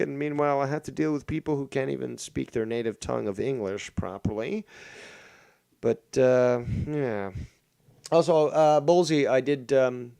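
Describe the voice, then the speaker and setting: A man's voice: medium pitch, normal speed, vocal fry, warm tone, clean tone, no echo. A man hosting his own live stream, rambling in a profane, mocking way with many fillers and restarts. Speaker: livestream host. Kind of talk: casual live-stream rant.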